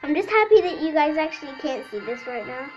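A woman's voice: high-pitched, very animated, brisk. A woman chatting through a reaction video, making apologetic asides to her viewers. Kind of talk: casual reaction commentary. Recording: dull lo-fi home recording with film music behind. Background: film soundtrack music faintly audible.

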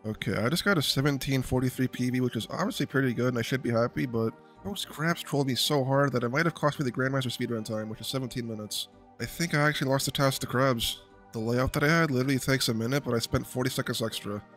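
A young man doing a casual voice-over commentary on his game progress, excitable and swearing when hyped. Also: mid-range voice, fast, soft background music. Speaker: gaming video creator.

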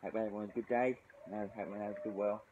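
A man's voice: lowish voice, steady tone, rapid-fire, lo-fi sound, background noise. Sweary British man drinking outdoors. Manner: sweary, rambling, frequent sighs. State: tipsy, shivering from cold. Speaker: drinking vlogger. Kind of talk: casual rambling vlog. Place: outdoors in the cold.

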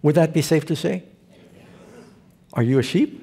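A man's voice: on the high side, a little slow, creaky, warm tone, slightly rough. A male pastor preaching a sermon, telling stories with humor and asking his listeners questions. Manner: humorous storytelling preacher who asks the audience questions.

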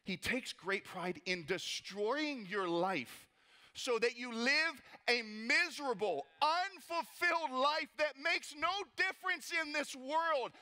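A man preaching a sermon as pastor, energetic, asking rhetorical questions and tossing in playful asides. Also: very high-pitched, slow.

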